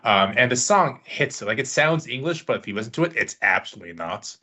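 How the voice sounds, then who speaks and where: Bright-voiced man sharing trivia. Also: medium pitch, sing-song, fast. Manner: enthusiastic, explaining trivia. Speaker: podcast co-host. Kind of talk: casual chat.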